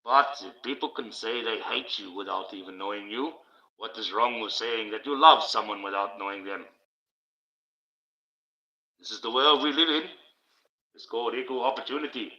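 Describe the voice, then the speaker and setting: A man's voice: fairly low pitch, bright, forceful tone, lo-fi sound. A man delivering a preachy livestream monologue in a put-on, declaiming voice.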